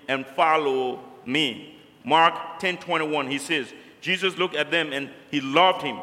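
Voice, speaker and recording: Bright-voiced male preacher in a reverberant hall. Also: fairly high pitch. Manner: emphatic, repeats key phrases. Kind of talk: sermon.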